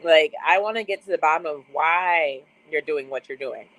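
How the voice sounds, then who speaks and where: A woman's voice: sits low, normal speed, dry recording, rough recording. Candid, laughing woman in her thirties. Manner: laughs often, relaxed and candid. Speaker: podcast co-host. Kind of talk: casual chat.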